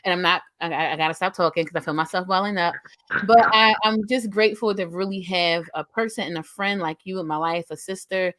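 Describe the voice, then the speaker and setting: A woman's voice: fairly low pitch, fairly quick, a bit bright, no room sound. A woman in her thirties hosting a casual chat, heartfelt and emotional, rambling with repeated words. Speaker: host.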